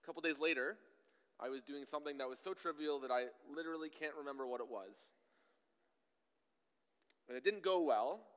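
A man in his thirties, a pastor, preaching a sermon in a conversational, emphatic way with sudden loud bursts. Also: a little high, brisk, long pauses, clear, resonant tone, big-room sound.

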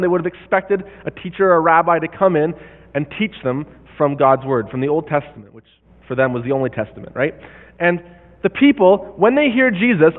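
Man preaching in an echoey hall. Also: on the high side. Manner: explanatory, checks in with listeners. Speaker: pastor. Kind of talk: sermon teaching on a Bible passage. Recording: tinny phone-like sound with long hall reverb.

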